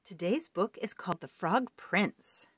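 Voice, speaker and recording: A woman reading a children's picture book aloud in an expressive read-aloud delivery. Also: mid-range voice, a little slow, breathy edge, no echo. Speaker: storybook reader.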